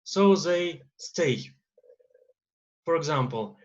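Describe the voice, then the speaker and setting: A man's voice: a little high, lively intonation. Russian-accented male teacher, dull recording. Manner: lecturing with many uh fillers and pauses. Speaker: English teacher. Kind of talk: recorded grammar lesson.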